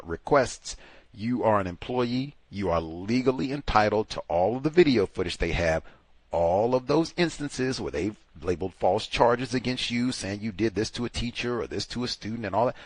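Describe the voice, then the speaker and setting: A man's voice: on the low side, no room sound. A man hosting a call-in advice show, talking emphatically and acting out other people mockingly. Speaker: host.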